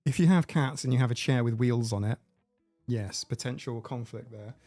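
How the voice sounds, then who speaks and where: A man's voice: mid-range voice, normal speed, warm tone, no room sound, faint music behind. A man hosting a casual live stream, chatting in a rambling way and laughing at his own jokes. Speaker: livestream host. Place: home room. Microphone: desk mic with mixer.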